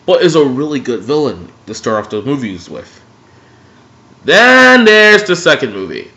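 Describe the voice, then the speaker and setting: A man casually reviewing superhero movies in an excitable way, swearing freely. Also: medium pitch, unhurried, vocal fry. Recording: dull lo-fi recording.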